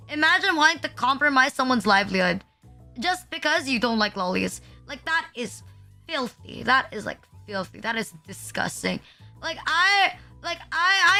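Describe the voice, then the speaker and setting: A woman's voice: sits high, pushed and bright. A young adult woman chatting casually on her live stream. She rambles and says "like" constantly. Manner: rambling, heavy use of the filler "like", with self-deprecating laughs. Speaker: VTuber streamer.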